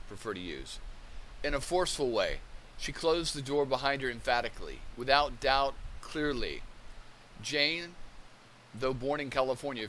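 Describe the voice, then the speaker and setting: A channel host reads definitions and transcripts aloud and mulls them over in casual commentary, restarting often. He has a medium-pitched, bright voice with a forceful tone, against slight background noise.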